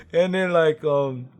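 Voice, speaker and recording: A young man with a New Zealand accent, chatting casually as a guest with lots of slang and laughter. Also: on the high side. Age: young adult. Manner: laid-back, laughing, lots of slang and fillers. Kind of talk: casual chat.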